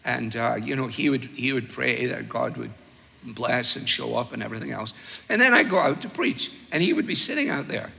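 An older man preaching a sermon, telling stories with wry humor and slow, weighed emphasis. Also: medium pitch, animated, gravelly, pushed and bright, in a large hall.

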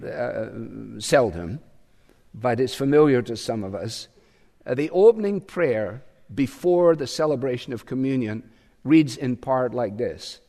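Slow, measured male preacher in a hall. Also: mid-range voice, dark tone. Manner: measured and reflective, pausing often with fillers. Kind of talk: sermon. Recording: long hall reverb.

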